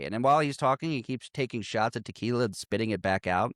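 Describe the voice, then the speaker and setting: A man's voice: mid-range voice, lively intonation, fast, few pauses, dry recording. Man casually recapping a movie, dry close mic. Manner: retells scenes, quoting lines with bursts of laughter. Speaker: podcast co-host.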